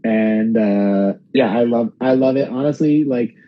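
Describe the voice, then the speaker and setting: A man's voice: mid-range voice, measured pace, highs cut off. A man hosting a casual podcast, rambling with lots of fillers and the odd swear. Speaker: podcast host. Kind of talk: casual chat.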